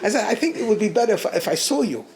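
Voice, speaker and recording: A middle-aged man with an American accent, a rabbi telling stories to a gathering in an animated, halting way, with many restarts and chuckles. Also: sits high. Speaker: rabbi giving a talk. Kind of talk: storytelling talk at a gathering.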